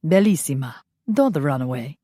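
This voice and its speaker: Woman doing a male vampire charmer, low, dry, effusive, gallant, audiobook. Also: animated, moderate pace, warm tone, no echo. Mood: flirtatious.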